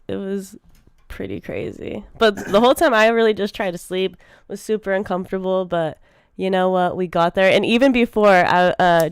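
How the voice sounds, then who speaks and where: A young American woman in her twenties co-hosting a podcast, chatty and relaxed, with a teasing edge. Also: fairly low pitch, clean tone, no echo. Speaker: podcast co-host. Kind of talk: casual chat.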